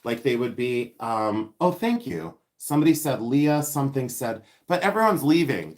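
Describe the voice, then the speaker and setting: Man, livestream host, casual rambling chat, mid-pitched voice, distracted manner. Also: sing-song, normal speed, few pauses. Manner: chatty, distracted, reads viewer comments aloud. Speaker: livestream host selling vintage finds.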